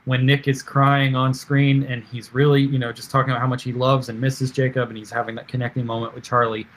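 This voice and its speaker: A film director appears as a podcast guest, telling behind-the-scenes stories in a casual interview. His medium-pitched, slightly bright voice stays fairly flat in pitch, and his halting anecdotes are full of fillers and restarts over a little hiss or hum.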